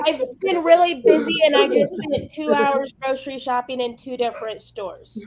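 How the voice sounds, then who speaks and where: A woman's voice: sits high, moderate pace, over a noisy crowd. A woman hosting a casual video chat, telling a story and acting out the people in it. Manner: animated storyteller acting out dialogue. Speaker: host.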